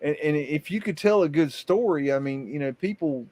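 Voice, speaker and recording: A man's voice: on the high side, moderate pace, darkish tone, no echo. A man with a Southern US accent hosting a casual live chat, telling rambling stories with many restarts. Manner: rambling storyteller, frequent restarts. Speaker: show host.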